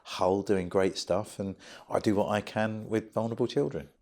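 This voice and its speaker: Man, middle-aged, low voice, animated humorous storyteller. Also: moderate pace. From United Kingdom. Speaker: charity founder guest. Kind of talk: interview storytelling.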